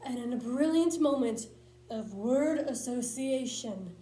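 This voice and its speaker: A woman with a high voice delivers a comedic monologue in punchy, lively storytelling. The sound carries a roomy echo from the space she's in. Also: measured pace. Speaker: speech tournament competitor.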